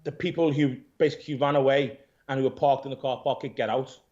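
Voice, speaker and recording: A man, an interview guest who owns a gym, retelling events in a rambling, animated way, swearing and calling people "mate". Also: medium pitch, fast talker. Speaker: interview guest, gym owner and pro bodybuilder. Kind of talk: casual storytelling interview. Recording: dull lo-fi audio.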